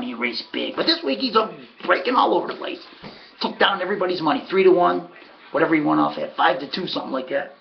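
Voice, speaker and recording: A man's voice: a little high, vocal fry, dull audio. A man giving a casual, folksy recap of his race picks, sardonic and talking to himself about his bets. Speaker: harness racing handicapper.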